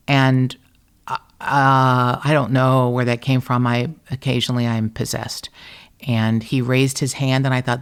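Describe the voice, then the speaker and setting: A middle-aged American woman, a podcast host, telling a story in a casual, animated, profane and self-mocking way. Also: extremely low pitch, measured pace, clear, resonant tone.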